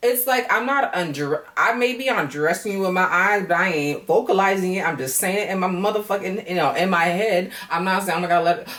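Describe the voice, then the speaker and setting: A woman's voice: fairly low pitch, brisk, hardly any pauses, a bit bright, distant mic. A woman giving a chatty, profane, laughter-filled casual recap of a reality show. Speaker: YouTube reality-show reviewer. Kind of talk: casual reaction commentary.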